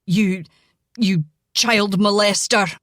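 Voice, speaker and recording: A woman's voice: mid-range voice, slow, a bit bright, dry recording, studio quality. A woman voicing a stout, hot-tempered older father who bellows and blusters. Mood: furious.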